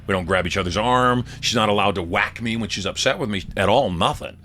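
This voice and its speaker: Low-voiced man telling stories on a podcast. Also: fairly quick, bright, forceful tone, a little hiss or hum. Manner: storytelling, acts out quoted dialogue. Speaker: podcast co-host. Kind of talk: casual podcast conversation.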